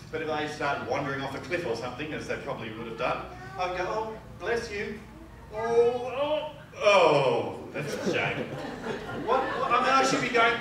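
Animated man preaching in an echoey church. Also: fairly high pitch. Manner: animated, acts out quotes with playful humor. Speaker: pastor. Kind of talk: sermon. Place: church sanctuary. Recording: echoey church hall from far off, audible noise.

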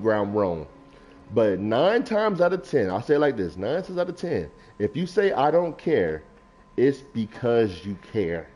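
A man's voice: medium pitch, a little mellow. A young adult man, a gaming streamer, riffing casually and preachily about feelings while reading chat aloud. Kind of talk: casual livestream talk. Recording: lo-fi stream mic.

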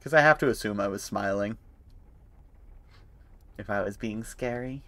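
A man's voice: lowish voice, normal speed, bright, forceful tone, dry recording. A man streaming a horror game in casual commentary, playful and self-mocking, swearing freely as he jokes along.

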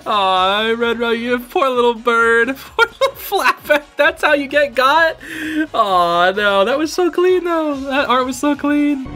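A man hosting a reaction video, excitable, laughing often and saying "dude" a lot. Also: very high voice, unhurried, hardly any pauses. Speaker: host reacting to fan videos. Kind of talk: casual reaction commentary.

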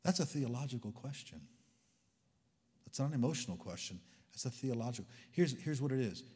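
A man preaching a sermon as a guest speaker, swinging between loud exclamations and hushed whispers. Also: mid-range voice, lively intonation, brisk, big-room sound. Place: church hall.

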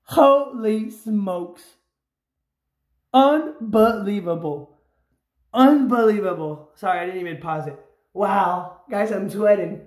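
A man filming himself scratching lottery tickets, bursting into loud repeated exclamations and catchphrases. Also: high-pitched, slow pace. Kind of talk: live reaction while scratching tickets. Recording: roomy echo.

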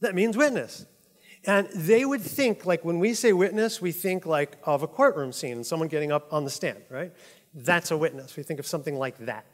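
A man preaches in a relaxed, conversational way, often laughing and checking in with his listeners. His voice sits a little high for a man. The sound carries the long reverb of a large hall. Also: moderate pace. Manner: chatty, laughs often, says "like" and "right?" a lot. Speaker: pastor. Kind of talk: casual conversational sermon.

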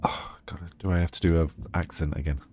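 A man's voice: sits low, steady tone, fairly quick, a little mellow, a little hiss or hum. A man doing casual let's play commentary, with self-mocking asides. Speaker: gamer.

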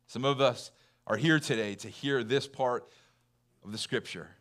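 A man in his thirties preaching a sermon in a church, chatty and full of fillers, dropping to soft, intense lows. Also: measured pace. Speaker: pastor. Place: church hall.

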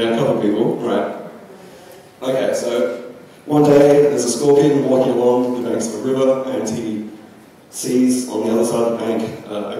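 A man's voice: mid-range voice, warm tone, a little hiss or hum. A young man giving a philosophy talk at a conference, loose and chatty with frequent ums. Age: young adult. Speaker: conference speaker. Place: large lecture hall. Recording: echoey hall from far off.

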